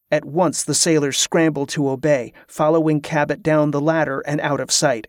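A man reading a novel aloud as narrator, in an even, measured way. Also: on the high side, no echo, clean studio sound. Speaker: audiobook narrator. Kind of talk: scripted narration.

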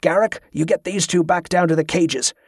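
A man's voice: fairly high pitch, expressive, normal speed, creaky, husky, no echo, studio quality, heavily acted. A man voicing a cruel, short-tempered male captor who snarls and mocks, in an audiobook. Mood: sarcastic. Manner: snarling, sarcastic.

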